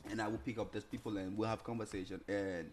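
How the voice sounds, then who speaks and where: A man's voice: on the low side, little pitch movement, quick pace, a little hiss or hum. A young man co-hosting a casual talk, echoing his partner's phrases and telling stories with animation. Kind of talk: casual chat.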